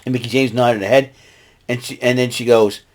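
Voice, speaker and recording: A man's voice: medium pitch, steady tone, fairly quick. Rambling man doing a casual recap. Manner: rambling, acts out quotes in raised voices. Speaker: podcast host recapping wrestling.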